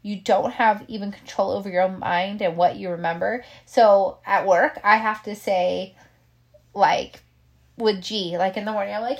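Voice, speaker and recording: A woman's voice: mid-range voice, fairly even intonation, normal speed, gravelly. A middle-aged woman who works as a caregiver, talking casually and leaning on filler words. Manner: chatty, leans on "like" fillers. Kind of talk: casual talk.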